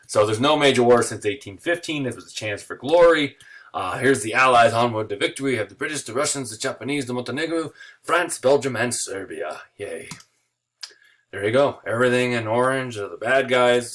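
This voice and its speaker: A man gives a relaxed, chatty history lecture, mid-pitched and informal. He keeps it light with jokes and now and then slips into quick voices for the countries he talks about. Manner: jokey, chatty, acts out nations in quick voices. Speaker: history teacher. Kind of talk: casual classroom lecture.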